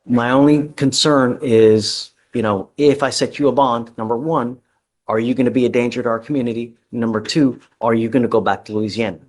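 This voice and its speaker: A judge on the bench, a man with a husky, breathy edge to his mid-range voice. He speaks bluntly and directly, laying out the rules of a courtroom bail hearing. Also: medium pitch, steady tone, fairly quick, darkish tone.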